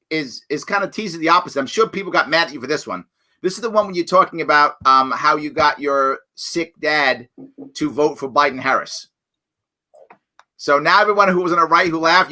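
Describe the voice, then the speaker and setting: Lively bright-voiced male host. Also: a little high. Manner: animated, rambling, laughs often. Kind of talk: casual live-stream chat.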